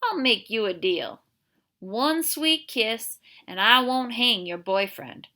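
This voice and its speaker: A woman voicing a drunk, leering male sheriff who talks in a slow drawl. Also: a little high, animated, sharp tone, pitched above the performer's own voice, exaggerated voice. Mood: bargaining.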